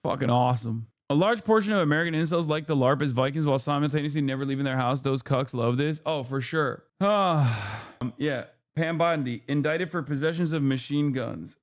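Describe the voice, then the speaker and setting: A man's voice: fairly high pitch, fairly quick. A man streaming live commentary on the news, sarcastic and profane, with frequent fillers and rhetorical questions. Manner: mocking and rhetorical.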